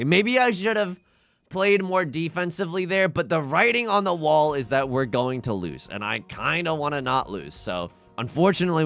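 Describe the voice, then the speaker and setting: A man commentating his online mahjong game on a live stream, swinging from mutters to shouts and laughs. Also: a little high. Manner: wildly swinging, shouts and cries out, laughs often.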